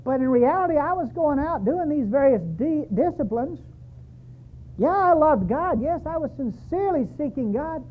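High-voiced man preaching over a tinny line. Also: animated, normal speed. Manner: emphatic, repetitive, storytelling. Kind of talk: sermon. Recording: tinny, phone-like sound.

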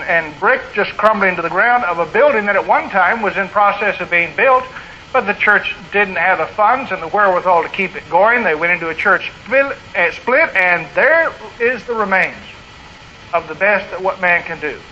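Middle-aged man, preacher, sermon, earnest and emphatic, high voice, dull lo-fi recording. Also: sharp tone. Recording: slightly dull lo-fi recording with faint noise.

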